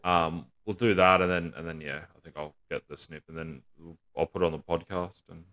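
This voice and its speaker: A man's voice: low-pitched, steady tone, brisk, pushed and bright, highs cut off. A man, co-hosting a podcast, telling crude jokes and family stories with plenty of swearing and laughter. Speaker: podcast co-host. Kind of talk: casual banter.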